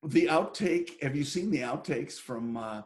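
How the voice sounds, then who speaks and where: A middle-aged man co-hosts a chatty podcast, joking with his friend and laughing easily. His pitch swings up and down in a lively way, and he sometimes trails off while hunting for a name. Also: a little slow. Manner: playful, laughs often, gropes for names. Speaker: podcast co-host. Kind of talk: casual chat.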